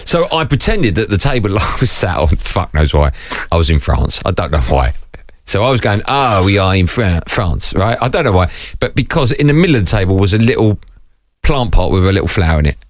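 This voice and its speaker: A man with a lowish voice tells a story to his co-host, his pitch rising and falling a lot as he goes. He laughs through his own anecdote, and the sound is close and dry with no room around it. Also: brisk, no echo. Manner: laughing, animated anecdote-telling. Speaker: podcast co-host. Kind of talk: casual chat, storytelling.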